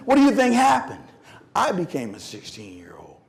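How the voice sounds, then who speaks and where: High-voiced man telling a dramatic story. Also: huge pitch swings, moderate pace, creaky. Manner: dramatic swings from loud bursts to hushed lines. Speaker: motivational speaker. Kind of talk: conference keynote storytelling. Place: conference hall.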